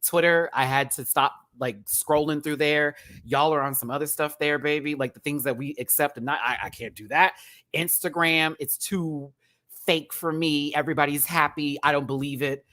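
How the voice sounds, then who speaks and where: A man hosting a casual live-stream rant, chatty and rambling, with sudden bursts of high laughter. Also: fairly even intonation, normal speed, pushed and bright, no room sound, studio quality. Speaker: YouTube commentary host.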